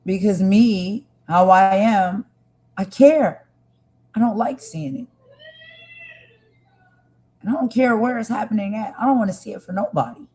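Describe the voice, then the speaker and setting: A woman's voice: medium pitch, measured pace, long pauses, mellow, husky, low-quality recording. A woman hosting a live stream, talking with feeling and emphasis, repeating her points and speaking straight to her viewers. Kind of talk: impassioned live stream commentary.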